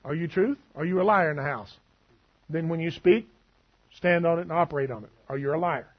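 A man's voice: a little high, fairly quick, slightly rough, dull audio. A male preacher giving a sermon in a conversational, teasing way, asking the room questions.

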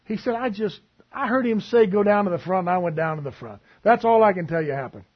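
A man preaching a sermon, telling stories and acting out both sides of a conversation in a husky voice. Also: high-pitched, expressive, fast, dull audio.

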